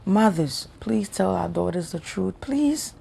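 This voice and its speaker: A woman's voice: medium pitch, lively intonation, a little slow, gravelly, mellow, slightly rough. A woman giving an earnest, emotional preaching monologue to her viewers, repeating her points with passion. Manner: earnest, impassioned, repetitive. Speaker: spiritual vlogger.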